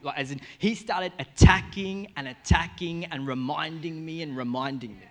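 An Australian man preaching a sermon to a congregation, joking and telling stories with sudden swings between loud and soft. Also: on the high side, normal speed, hardly any pauses. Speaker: pastor. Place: church service in front of a congregation.

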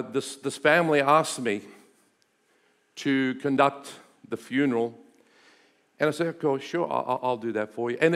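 A middle-aged pastor with a mid-range voice preaches a sermon built around a personal story. He tells it in an animated way, sinking into hushed tones and then rising to loud bursts.

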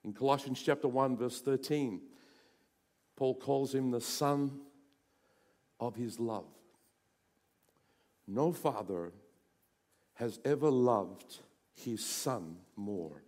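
A male pastor preaching a sermon, building to loud emphatic runs and then dropping to hushed, intense passages. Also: medium pitch, slow, long pauses. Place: church sanctuary. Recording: church hall reverb.

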